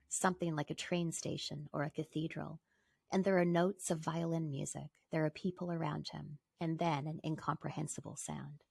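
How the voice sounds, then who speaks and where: Canadian-raised author lady reading her book, low husky voice, dry sound. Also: no echo. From British Columbia, Canada. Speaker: novelist, guest. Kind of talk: reading from her novel, then chat.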